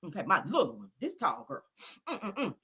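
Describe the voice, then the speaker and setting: A woman's voice: lowish voice, huge pitch swings, moderate pace, pushed and bright, husky. Sassy, theatrical woman gossip host. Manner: sassy and theatrical, constantly calling listeners child, honey, girl; melodramatic, calling on the Lord and Jesus. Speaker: host of a celebrity gossip show. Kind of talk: casual comedic monologue.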